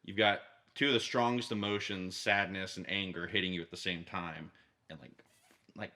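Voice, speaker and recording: A man's voice: low voice, moderate pace. A young man hosting a podcast, chatting casually and acting out quotes with animation. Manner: animated storyteller, acts out quotes. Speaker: podcast host. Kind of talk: casual chat.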